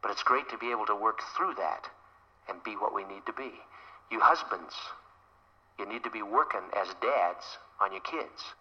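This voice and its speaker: Middle-aged man preaching in a reverberant hall. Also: moderate pace. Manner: loud, emphatic preaching with sudden rises in pitch; acts out quoted dialogue between spouses. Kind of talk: sermon. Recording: dull lo-fi recording with long hall reverb.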